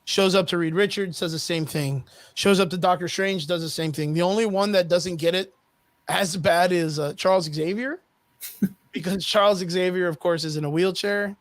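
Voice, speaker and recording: A man, a guest on a podcast, telling a story in an animated, profane way with lots of fillers. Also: high voice, normal speed, dry recording. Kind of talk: casual chat.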